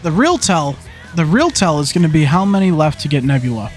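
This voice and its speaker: A young man streaming a zombie shooter, commentating as he plays, often frustrated and swearing, going from mumbled asides to loud outbursts. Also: fairly high pitch, sing-song, brisk, soft background music. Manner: frustrated, swearing, talking to the game; flips between mumbled asides and yelled outbursts. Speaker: gaming streamer. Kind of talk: live gameplay commentary.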